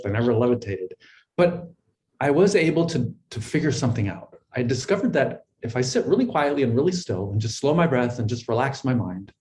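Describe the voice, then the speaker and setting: A middle-aged man with a mid-range, darkish voice is a guest in an interview, recounting his life story. He speaks in an earnest, reflective, conversational way and often repeats words while thinking. The recording quality is low.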